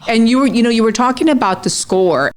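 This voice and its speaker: A woman's voice: a little high, lively intonation, quick pace. A middle-aged woman, a guest on a movie podcast, chatting in an earnest way and often hedging her facts. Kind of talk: casual chat.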